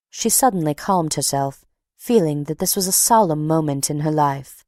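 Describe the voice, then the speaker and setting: Low-voiced woman audiobook narrator. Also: expressive, moderate pace, warm tone, no room sound, studio quality.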